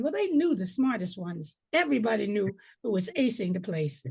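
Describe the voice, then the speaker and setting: An older woman telling lively stories as an alumna panelist on a video call. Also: mid-range voice, normal speed, gravelly, hardly any pauses, husky, no room sound. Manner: lively, animated storyteller.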